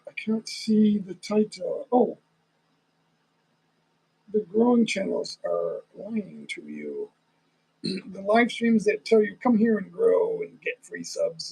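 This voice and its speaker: A man's voice: high voice, big pitch swings, slow, gravelly, warm tone, slightly rough, rough recording. A man chatting casually on a live stream, rambling and talking straight to his viewers. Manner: rambling, talks to viewers, chuckles often.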